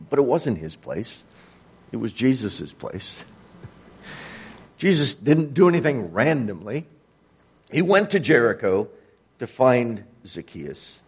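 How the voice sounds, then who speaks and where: A man's voice: on the low side, darkish tone, husky. A male preacher delivering a sermon, telling a story with acted-out dialogue.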